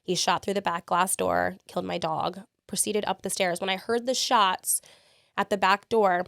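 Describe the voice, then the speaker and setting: A woman's voice: medium pitch, fairly even intonation, moderate pace, vocal fry, a bit bright, no room sound, studio quality. A woman in her thirties, a podcast guest, telling her story step by step and acting out what people said. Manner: vivid step-by-step recounting, acting out quotes. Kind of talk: interview storytelling.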